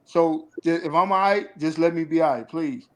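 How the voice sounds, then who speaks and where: Earnest guy on a panel, voice a bit high, talks straight from experience. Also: normal speed, a bit bright, poor audio. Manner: earnest, acts out phone talk. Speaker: formerly incarcerated panel guest. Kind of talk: candid panel discussion.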